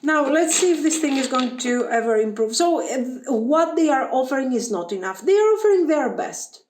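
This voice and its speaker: High-voiced woman reading tarot, echoey room. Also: expressive, moderate pace, noisy background. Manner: emphatic, exasperated, talks straight to viewers. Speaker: tarot reader. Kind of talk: pick-a-card tarot reading to viewers.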